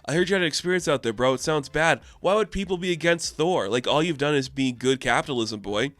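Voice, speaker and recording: Bro minotaur businessman, lazy bro talk, a bit high, put on by a man, dry close sound. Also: fast, fairly bright tone, no room sound, close to an everyday voice. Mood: concerned.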